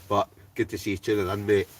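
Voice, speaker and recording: A man's voice: lowish voice, distant mic, slight background noise. A Scottish man livestreaming from a tent outdoors, chatting casually and greeting viewers by name as he reads their comments. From Scotland. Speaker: wild camping livestreamer. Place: hot tent outdoors behind his house.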